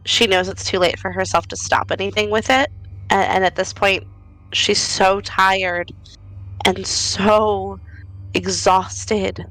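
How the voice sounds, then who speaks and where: A woman's voice: mid-range voice, fairly even intonation, slow pace, a bit bright, low-quality recording. A woman playing a tabletop game who describes her character's actions in a hesitant, thoughtful way, with faint music behind. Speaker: player. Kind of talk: tabletop roleplay narration.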